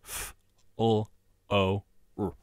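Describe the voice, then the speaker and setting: A woman voicing a student who answers spelling drills with slow, dutiful, letter-by-letter replies. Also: rumbling low, little pitch movement, a little mellow, voice pushed down, heavily acted.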